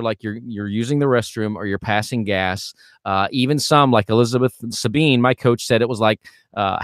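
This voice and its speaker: A man teaching singing technique as a vocal coach, animated and demonstrating sounds as he explains. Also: mid-range voice, no room sound, clean studio sound. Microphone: studio microphone.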